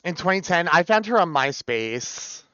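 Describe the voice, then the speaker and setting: Young male streamer, gushing and excitable, lively pitch, dull dry sound. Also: moderate pace, clean tone, no echo. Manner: excitable, gushing, with sudden shrieks. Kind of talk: casual live-stream chat.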